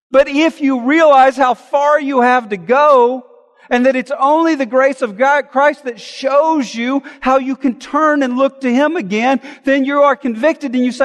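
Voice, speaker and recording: A man's voice: very high-pitched, in a large hall. A man, a pastor, preaching a sermon in an earnest, emphatic way, often asking rhetorical questions.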